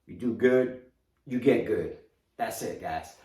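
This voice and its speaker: Male host with a New York accent, low voice, unhurried delivery, chatty unboxing patter, recorded off-mic in an echoey room. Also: dark tone, recorded from a distance. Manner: chatty, hypes his reveals, talks straight to viewers. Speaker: collectibles reviewer. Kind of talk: casual unboxing video.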